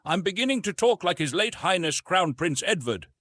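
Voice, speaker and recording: A man's voice: high-pitched, big pitch swings, moderate pace, fairly bright tone, no room sound, studio quality, voice pushed up, full character voice. A man voicing an earnest, grave male prince in an audiobook.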